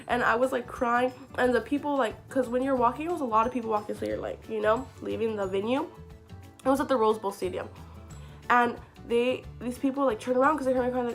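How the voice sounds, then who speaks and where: Young woman, casual storytime vlog, chatty, excitable, high-ish voice, faint music underneath. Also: a little fast, vocal fry. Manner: chatty, fillers of like, excited retelling. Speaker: vlogger.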